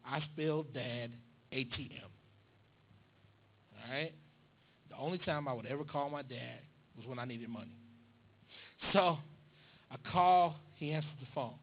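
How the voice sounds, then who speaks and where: A man's voice: medium pitch, unhurried, long pauses, muffled recording. A young man preaching a sermon, telling a family story animatedly and acting out the voices. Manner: animated, acts out dialogue.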